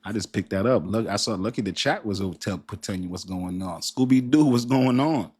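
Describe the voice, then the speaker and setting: A young man hosting a casual crypto livestream, reading viewer comments aloud in a lively, colloquial way and laughing often. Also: low-pitched, fast talker, husky.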